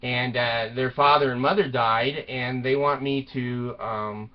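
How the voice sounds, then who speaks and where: A man's voice: mid-range voice, steady tone, unhurried. A man telling a comic story with voiced quotes, rambling with fillers and laughing often. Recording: dull lo-fi recording.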